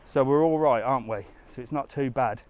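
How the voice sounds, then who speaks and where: A man's voice: mid-range voice, brisk, a little mellow, highs cut off. A middle-aged man on a live walking vlog outdoors, chatting to viewers and getting out of breath on the stairs. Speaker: travel vlogger. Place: outdoors on a hillside walk.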